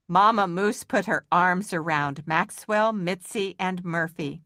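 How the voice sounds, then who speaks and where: A woman reading a children's story aloud for young kids, in a slow and expressive way. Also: lowish voice, no room sound, clean studio sound.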